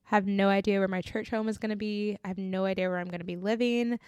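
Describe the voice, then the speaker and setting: A woman's voice: mid-range voice, steady tone, fast, a little mellow, smooth, dry recording. A young woman hosting a faith podcast, earnestly telling her testimony in a casual, heartfelt way, close to tears and saying "like" often. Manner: earnest, heartfelt, often tearful, says "like" a lot.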